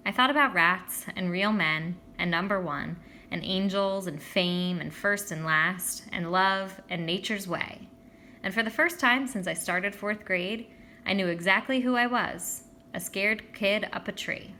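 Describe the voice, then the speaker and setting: A woman's voice: lowish voice, sharp tone, a little hiss or hum. A woman reading a children's novel aloud, expressively voicing its characters. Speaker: audiobook reader.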